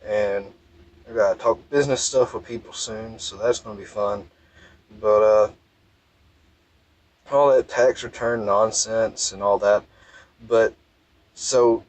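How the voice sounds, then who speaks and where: A man's voice: mid-range voice, a little mellow, poor audio. A tired young man from Mississippi, rambling wryly in a casual vlog from his parked car. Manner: rambling, self-interrupting, wry. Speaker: gaming vlogger. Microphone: phone.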